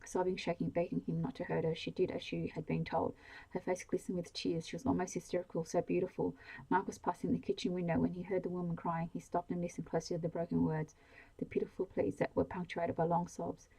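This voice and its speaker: Low gravelly woman reading softly. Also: completely flat delivery, poor audio. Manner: slow, hushed reading of a novel. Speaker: storyteller. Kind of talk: soft-spoken ASMR bedtime reading.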